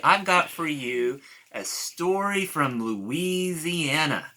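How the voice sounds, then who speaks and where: A man reads a picture book aloud to children with a bright, lively voice that rises and falls. He takes his time and stops to explain new words for young listeners. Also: a little high, slow. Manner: warm, explains words for kids. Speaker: storyteller reading to children.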